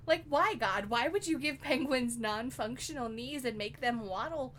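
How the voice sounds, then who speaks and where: Animated, giggly woman co-hosting a podcast. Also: sits high, normal speed, crowd noise. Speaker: podcast co-host. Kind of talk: casual chat.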